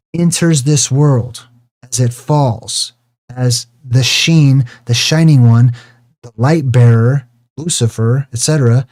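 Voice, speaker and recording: A man's voice: mid-range voice, darkish tone. A man hosting his own video, lecturing in a rambling way, drifting into tangents and stretching out key words for emphasis. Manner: drawn-out emphasis on single words. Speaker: video host. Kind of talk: rambling screen-share lecture.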